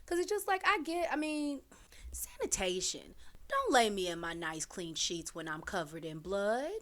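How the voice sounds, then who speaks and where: A woman's voice: mid-range voice, moderate pace. A woman host giving chatty, slangy reaction commentary on a comic she reads. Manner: chatty, animated, slangy asides. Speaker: channel host reading a comic.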